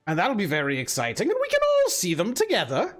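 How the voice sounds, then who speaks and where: A woman voicing an old hag who is sweetly cheerful and quietly scheming, with a chirpy, folksy manner. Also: mid-range voice, wildly swooping pitch, fast, voice pushed up. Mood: scheming, cheery.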